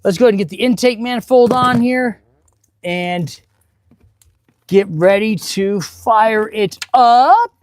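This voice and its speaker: A middle-aged auto mechanic and channel host runs a casual live stream from his garage, chatting while he works. His voice sits high and moves slowly, with no room sound. He's excitable and rambling, breaking into sudden loud outbursts.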